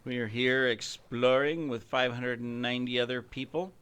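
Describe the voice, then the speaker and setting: A man's voice: mid-range voice, steady tone, normal speed, fairly bright tone, smooth. A man hosting his own gameplay channel, rambling casually with playful, self-mocking boasts about his show. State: slightly out of breath, coughing. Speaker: gaming channel host.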